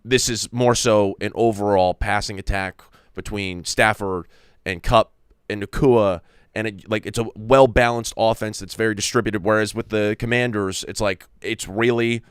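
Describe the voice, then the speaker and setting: A man's voice: on the low side, steady tone, normal speed, clean tone, no room sound, studio quality. A man, a guest on a sports podcast, talking through football in a rambling way and often hedging. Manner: rambling, hedging with "I don't know". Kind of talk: casual sports analysis.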